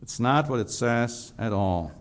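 A male preacher delivering a sermon in an emphatic style. His voice sits at a medium pitch, and he reads scripture aloud, pressing hard on the words he wants to stress. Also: expressive, measured pace.

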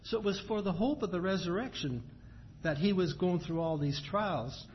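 A man's voice: high voice, slight background noise. Man preaching, reading scripture aloud. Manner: reads verses in measured cadence, then explains plainly. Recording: dull lo-fi sound, faint ambience.

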